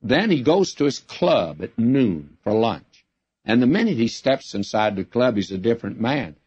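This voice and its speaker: A man's voice: mid-range voice, very animated, normal speed, a little mellow, husky, no echo. Man, sermon preacher, storytelling delivery, dull lo-fi sound, dry close recording. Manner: storytelling, acting out quoted lines.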